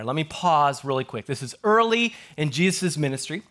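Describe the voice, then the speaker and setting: A man pastor giving a sermon to his church, telling jokey stories with quick asides before reading scripture. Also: on the high side, animated, fairly bright tone. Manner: joking storyteller, quick asides. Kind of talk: humorous sermon.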